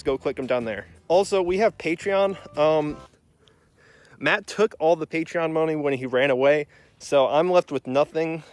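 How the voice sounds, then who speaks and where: Young male podcast host, winded and fretful, slightly high voice, mock-worried rambling. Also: clean tone. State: out of breath. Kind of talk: comedic podcast intro.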